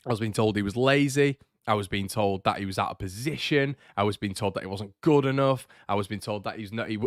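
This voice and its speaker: A young man hosting a casual morning football fan show, chatty and energetic, repeating words for emphasis while answering viewer comments. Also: fairly low pitch, clean tone, no echo, clean studio sound. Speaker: football fan channel host.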